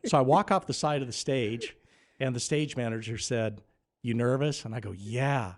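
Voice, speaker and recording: A man telling a funny story in a casual chat, lively and animated, often climbing to excited near-shouts at the punchlines. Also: medium pitch, fairly quick. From Nevada. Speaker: radio host guest.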